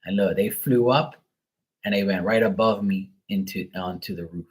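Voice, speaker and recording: A man chatting casually on a tarot livestream, telling stories in a profane, animated way. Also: deep voice, moderate pace, rough recording. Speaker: tarot reader.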